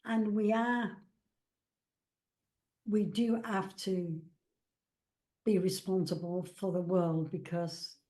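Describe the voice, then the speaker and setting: Chatty english lady, middle pitch, rambles a lot, plays out all the back-and-forth. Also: steady tone, takes it slowly, long pauses, dark tone. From England. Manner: chatty, rambling, acts out quoted dialogue. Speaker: psychic medium and author. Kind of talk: casual storytelling interview.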